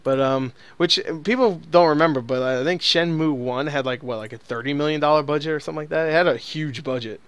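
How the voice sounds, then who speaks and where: Smooth-voiced man hosting a casual podcast. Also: on the high side, fast talker, hardly any pauses, a bit bright, dry recording. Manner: rambling, laughs often, swears freely. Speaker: podcast host. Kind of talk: casual chat.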